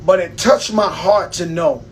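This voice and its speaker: A man's voice: high voice, unhurried, a little hiss or hum. A man hosting a live stream, telling loose stories with swearing, laughs and a New York accent. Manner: loose storytelling with profanity and laughs. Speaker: host. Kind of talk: casual live-stream talk.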